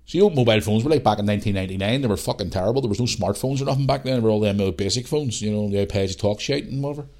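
A Northern Irish man in his forties hosts a podcast, racing through a rambling, casual story with few pauses and plenty of swearing. His voice sits on the low side and sounds a little mellow.

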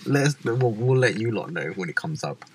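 A young man, chatting casually as a vlog co-host, animated and swearing freely. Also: lowish voice, a little fast, slightly rough. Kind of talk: casual chat.

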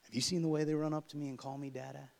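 A young man hosting a podcast, telling a personal story and acting out the dialogue in animated bursts. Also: a little high, racing, gravelly. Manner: animated, acts out dialogue loudly. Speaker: podcast host.

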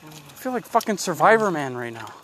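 A man chatting and joking crudely while hiking in the woods, teasing his friend with loud outbursts. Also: a little high, big pitch swings, fairly quick. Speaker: hiker filming outdoors. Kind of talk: casual joking chat. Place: woods outdoors.

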